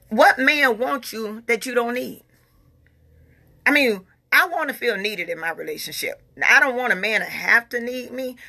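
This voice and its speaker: Her voice sits on the high side, gravelly, bright and forceful. This forties-aged vlogger responds to viewer comments in casual, opinionated talk, emphatic and repetitive, with informal Southern American grammar.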